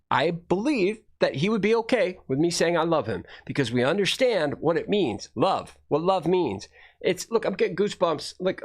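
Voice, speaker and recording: A man streaming casual commentary on videos he watches, blunt, rambling and profane. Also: on the high side.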